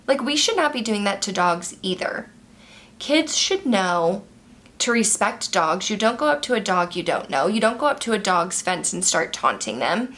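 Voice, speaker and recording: A woman's voice: medium pitch, big pitch swings, moderate pace, fairly bright tone. A young woman, chatting through a makeup tutorial and telling a story with exasperation. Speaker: beauty vlogger. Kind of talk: casual makeup tutorial chat.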